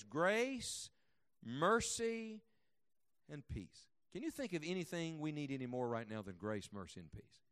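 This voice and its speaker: Middle-aged male evangelist with a high voice, preaching with emphatic build-ups and quiet asides to a congregation. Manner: emphatic, rhetorical questions, swings between loud and hushed. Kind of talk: sermon. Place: church meeting room with congregation.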